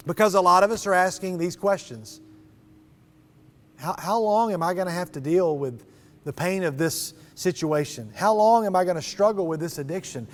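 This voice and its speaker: High-voiced man preaching in a hall. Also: normal speed. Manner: animated, rising into dramatic scripture readings. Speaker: speaker at a student event. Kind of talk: sermon. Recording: long reverb of a large hall.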